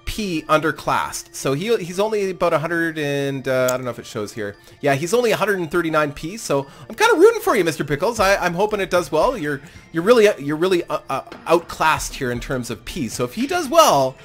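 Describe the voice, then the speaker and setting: An animated man running a game tournament channel, talking casually and a little self-deprecating as he commentates. His voice sits a bit high and swings widely in pitch. Faint game music plays under his voice. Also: a little fast, hardly any pauses. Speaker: gaming YouTuber hosting a tournament.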